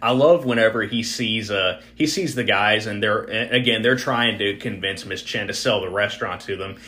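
A man's voice: lowish voice, moderate pace, bright, forceful tone. A man chatting casually about a film, hesitant with fillers and self-corrections. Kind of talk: casual movie discussion.

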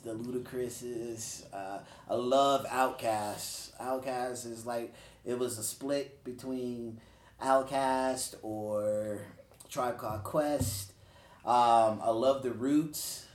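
A speaker leading a casual group discussion, asking quick questions and giving short replies. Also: mid-range voice, a little mellow. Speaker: discussion leader. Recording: roomy with faint background noise.

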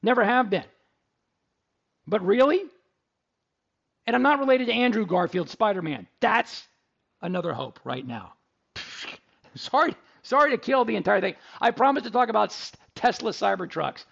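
Gravelly, high-voiced middle-aged radio host. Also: male voice, lively intonation, moderate pace, long pauses, a bit bright, lo-fi sound. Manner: chatty, jokey storyteller. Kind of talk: casual radio talk and ad read.

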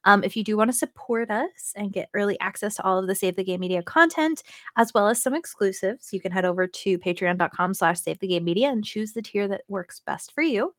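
A woman's voice: mid-range voice, brisk, no echo, studio quality. A woman hosting a casual podcast, chatting in a giggly way with lots of "like" and "um". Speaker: podcast host.

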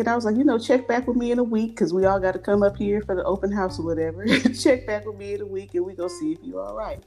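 A woman's voice: mid-range voice, quick pace, faint music behind. A woman telling stories in a casual chat, acting out the voices of the people she quotes. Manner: animated, acts out quoted voices.

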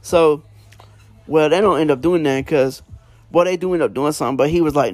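A man's voice: on the high side, fairly quick, a little mellow, no room sound. A man casually retelling prison stories, rambling with lots of fillers and slang. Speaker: storyteller.

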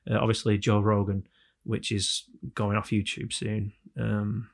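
A man's voice: fairly low pitch, monotone, unhurried. A man hosting a podcast, chatting casually and swearing now and then. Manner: chatty, swears, mimics announcer voices. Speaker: podcast host.

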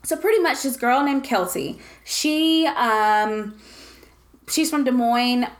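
High-voiced young woman gossiping. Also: slow pace. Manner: animated storytelling, swears freely. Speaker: podcast co-host. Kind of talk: casual gossip chat.

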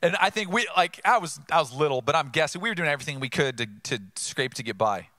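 A man from Southern California preaching an energetic, conversational sermon full of rhetorical questions. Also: on the high side, fast, no echo. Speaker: pastor.

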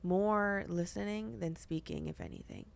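A woman's voice: mid-range voice, very animated, normal speed, gravelly. A young woman hosting a podcast, talking earnestly about faith in a chatty way, full of filler words. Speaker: podcast host. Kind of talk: casual faith discussion.

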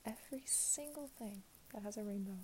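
Young woman, mellow tone, reflective monologue slipping into whispers. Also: medium pitch, moderate pace, a little hiss or hum. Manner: soft, drifting in and out of whisper.

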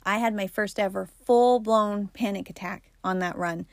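A woman's voice: medium pitch, steady tone, normal speed, dry recording, clean studio sound. A woman in her forties hosting a podcast, telling personal stories in a candid, chatty way and laughing often. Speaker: podcast host. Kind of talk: personal storytelling talk.

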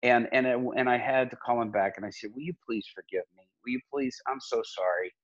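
A man's voice: medium pitch, a little fast, muffled recording. A middle-aged man, a pastor and podcast guest, talking earnestly in casual conversation, with many restarts.

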